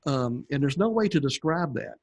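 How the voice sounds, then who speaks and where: A man's voice: a little high, expressive, normal speed, darkish tone, slightly rough. An older man, a podcast guest, telling his story in a rambling, conversational way with many fillers. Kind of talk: conversational testimony.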